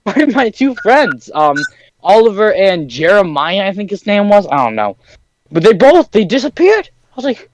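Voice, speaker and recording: A teenage boy telling a story on a casual podcast, animated and acting out the voices of the people in it. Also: sits high, moderate pace, dry recording, rough recording. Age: teens. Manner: animated, acts out voices in his stories. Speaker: podcast host.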